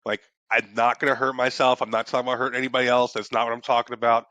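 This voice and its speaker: A young man with a bright, forceful voice talks casually on a podcast, rambling and cursing, often restarting his thoughts. The sound is dry and close, with no room around it. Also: mid-range voice, flat delivery, very fast, dry recording. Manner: rambling, swears freely, restarts sentences. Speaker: podcast co-host. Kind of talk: casual chat.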